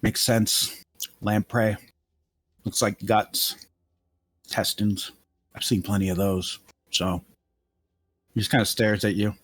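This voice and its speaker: A man's voice: lowish voice, fairly even intonation, takes it slowly, long pauses, slightly rough, dry recording. A man playing a tabletop role-play game, talking in and out of character in a crude, rambling way full of laughs and fillers. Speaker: player.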